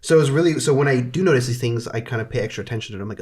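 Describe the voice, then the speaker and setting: This man speaks very fast in a mid-range voice while co-hosting a movie podcast. In casual chat he animatedly nitpicks a film, acting out its lines in a mocking voice.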